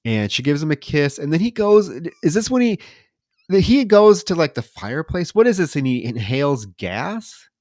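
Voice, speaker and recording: A man's voice: a little high, very animated, normal speed, a little mellow, no room sound, clean studio sound. A man co-hosting a podcast, retelling a film's plot casually with mocking, profane asides. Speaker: podcast co-host.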